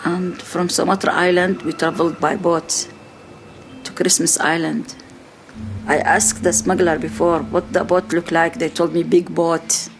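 A middle-aged woman giving personal testimony, speaking slow, halting non-native English in short phrases. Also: on the low side, little pitch movement, noisy background.

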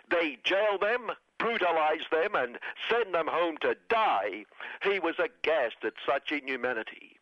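A man's voice: medium pitch, dry recording. A man delivering a scripted satirical radio monologue, sarcastic and mock-solemn with heavy irony. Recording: dull lo-fi radio broadcast.

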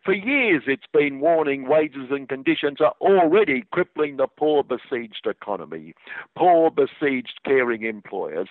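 A man's voice: mid-range voice, dry recording. Sarcastic man on tinny radio. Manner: dry sarcastic delivery. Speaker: satirical radio commentator. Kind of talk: scripted satirical commentary. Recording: tinny phone-like radio sound.

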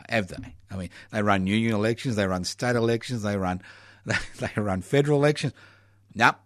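A man's voice: lowish voice, normal speed, a bit bright, no echo, studio quality. A man hosting a community radio show, delivering a sarcastic, mocking political monologue with scornful laughs.

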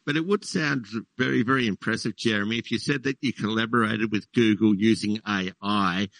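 A man's voice: mid-range voice, a bit bright, no echo, low-quality recording. A man interviewing a guest on radio, asking questions in a dry, jokey way. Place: radio studio.

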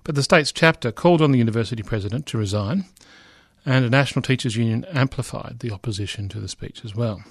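Man, middle-aged, lecturer, gravelly voice, dry close sound, fillers and restarts. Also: medium pitch, quick pace, dry recording. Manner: reads aloud with frequent asides, fillers and restarts. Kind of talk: lecture reading and commenting on a news report.

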